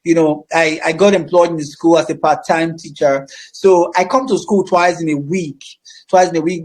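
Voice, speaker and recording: A man's voice: fairly high pitch, darkish tone. A Nigerian man facilitating a counseling course, speaking emphatically with a projecting voice and often repeating his phrases. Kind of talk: teaching a class.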